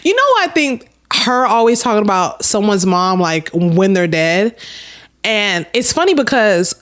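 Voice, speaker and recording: A woman's voice: mid-range voice, very animated, unhurried, a bit bright. Blunt woman vlogger telling a storytime. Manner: candid, blunt, swears freely, addresses viewers as y'all. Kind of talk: casual storytime to camera.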